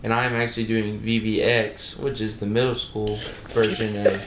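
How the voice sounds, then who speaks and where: Low-voiced man in an echoey room. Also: little pitch movement, moderate pace, background noise. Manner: joking, dry one-liners. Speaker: podcast co-host. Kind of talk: casual chat.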